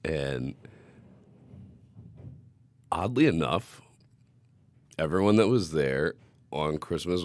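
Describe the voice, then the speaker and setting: A man co-hosting a casual podcast chat, telling stories in a profane, animated way. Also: very deep voice, creaky. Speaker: podcast co-host.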